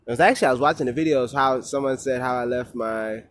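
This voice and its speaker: A man's voice: medium pitch, quick pace. A man venting in a casual vlog, rambling and swearing, with many fillers and restarts. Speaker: vlogger.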